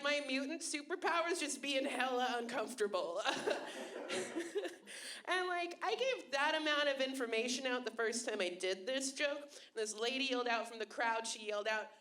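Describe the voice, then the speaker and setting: A woman in her thirties hosting a stand-up show in a small venue, self-deprecating and animated, laughing between jokes. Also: high voice, normal speed. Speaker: stand-up comedian and host. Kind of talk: stand-up comedy set. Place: small comedy venue with a few people.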